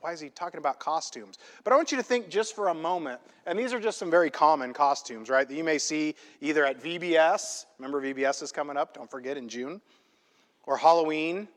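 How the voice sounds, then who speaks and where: A male pastor preaching a sermon in a church, emphatic and conversational, often checking in with a quick "right?". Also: sits high. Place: church sanctuary. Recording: long hall reverb in a church.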